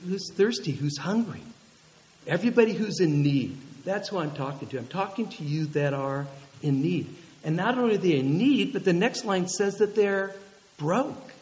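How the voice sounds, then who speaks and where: A man preaching a sermon, telling stories with animated energy and throwing questions to the congregation. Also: high-pitched, normal speed, in a large hall, rough recording. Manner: lively, animated storytelling with audience questions. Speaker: pastor.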